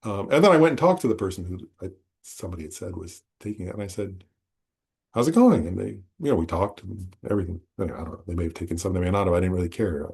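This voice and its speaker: A man teaching a Buddhist class in a relaxed, conversational way, often checking in with his listeners and correcting himself as he goes. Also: sits low, very fast, vocal fry, slightly rough. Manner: conversational, self-correcting, frequent "right?". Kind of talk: informal dharma talk. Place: meditation center class.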